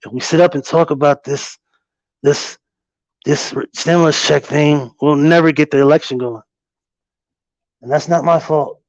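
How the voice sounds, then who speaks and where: A man's voice: fairly high pitch, steady tone, normal speed, long pauses, dry recording, highs cut off, lightly acted. A man doing a loose impression of a brash male politician, talking in a dismissive, profane way.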